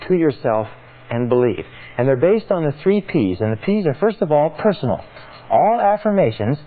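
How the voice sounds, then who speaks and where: Emphatic man giving a seminar talk. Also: mid-range voice. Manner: emphatic, repeats phrases with changing stress. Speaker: seminar speaker. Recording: tinny, phone-like with faint noise.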